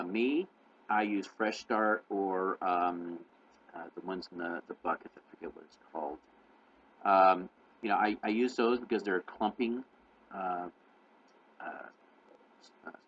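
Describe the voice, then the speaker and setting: A man hosting his own channel, giving casual, rambling cat-care advice full of fillers and restarts, talking fast on purpose. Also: low voice, muffled recording.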